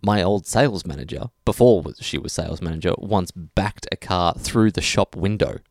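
A man's voice: deep voice, moderate pace, a little mellow, no room sound. A young Australian man in casual chat as a podcast co-host, joking in a dry, teasing way and spinning mock scenarios.

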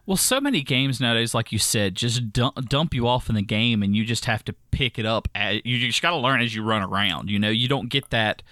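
A man's voice: mid-range voice, fairly quick, hardly any pauses, dry recording, studio quality. A man with a thick Southern accent, co-hosting a casual gaming podcast in a chatty, rambling way. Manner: chatty, rambling, animated when ranting. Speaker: podcast co-host. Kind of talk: casual chat.

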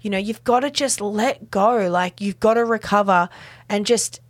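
A woman, recapping a TV episode in casual chat, full of "like" and "um" and quick laughs. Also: medium pitch, no echo. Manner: chatty, filler-heavy with frequent "like" and "um", laughs often. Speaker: podcast co-host.

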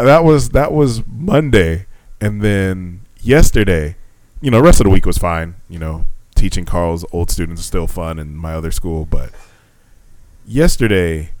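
Male podcast co-host, low voice, lively profane storyteller, dry close sound. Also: no echo. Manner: animated storyteller, swears freely, acts out quotes. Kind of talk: casual podcast chat.

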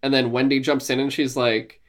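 A man co-hosting a podcast in casual gaming chat, animated and laughing, acting out lines from games he describes. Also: medium pitch, fairly quick. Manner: animated, laughing, acts out quotes. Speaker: podcast co-host.

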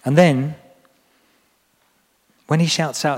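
A man's voice: on the high side, fairly even intonation, slow, darkish tone. A man preaching a sermon in a church, talking earnestly and encouragingly to the congregation. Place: church hall. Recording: long reverb of a church hall.

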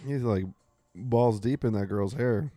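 A man's voice: medium pitch, measured pace, warm tone, no room sound, faint music behind. A man as a podcast guest, chatting casually and reacting with profane disbelief. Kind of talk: casual chat.

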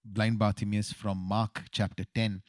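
Earnest low-voiced man giving testimony. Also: level tone, a little mellow, dry recording, studio quality. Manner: earnest, halting, with many fillers and repeated words. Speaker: guest telling his survival testimony.

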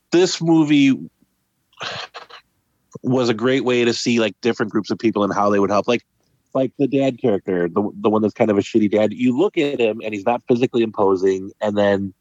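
Male podcast co-host, animated and casual, dry muffled recording. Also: lowish voice, no room sound. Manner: animated, acts out characters' lines. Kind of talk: casual film discussion. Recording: dull lo-fi sound.

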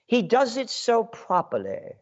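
Angry ranting radio host, lo-fi. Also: male voice, extremely high pitch, wildly swooping pitch, unhurried. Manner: angry, sarcastic, insulting. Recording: dull lo-fi radio sound.

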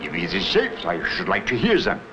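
An actor playing an elderly male scientist who explains the language of bees in halting, stilted phrasing, from an old film clip. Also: on the low side, wildly swooping pitch, background noise. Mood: explaining. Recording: dull film clip audio with faint music.

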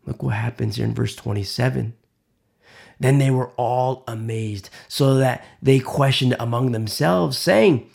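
A man preaching a sermon, swinging from loud emphatic lines to hushed whispers. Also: medium pitch, a little slow, creaky, slightly rough. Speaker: pastor.

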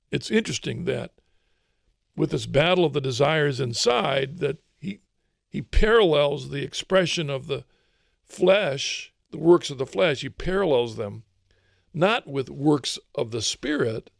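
A man talking through Christian ideas in a relaxed discussion, thoughtful and often repeating words as he searches for phrasing. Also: a little high, creaky, slightly rough, no echo, studio quality. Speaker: author and co-host of a faith discussion. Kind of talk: casual religious discussion.

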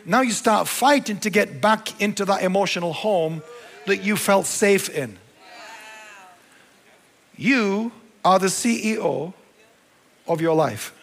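With a gravelly male voice, a pastor preaches animatedly, dropping into hushed, low asides and then rising to forceful declarations, all wrapped in long hall reverb.

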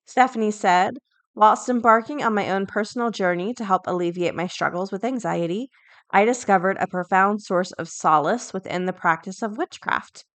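A woman hosts a podcast in a mid-range, fairly bright voice at a moderate pace, recorded dry. She reads news items, then muses on them chattily, full of fillers and restarts, in casual commentary.

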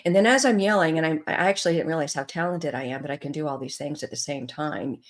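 Woman, middle-aged, low voice, earnest, emotional storytelling, interview guest. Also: fast talker. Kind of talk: personal story in a podcast interview.

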